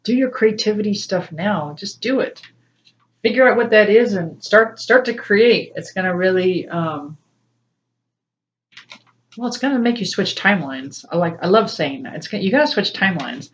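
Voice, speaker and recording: A woman's voice: medium pitch, animated, moderate pace. A woman tarot reader talking in a casual, rambling way, laughing often between phrases. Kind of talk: casual spiritual reading to camera. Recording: slightly dull lo-fi sound.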